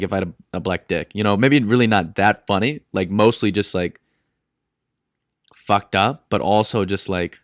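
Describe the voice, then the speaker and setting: Rambling young man, low dry voice. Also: no echo. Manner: rambling, incredulous, swings between loud outbursts and mumbles. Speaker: podcast host. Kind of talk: casual solo podcast rant.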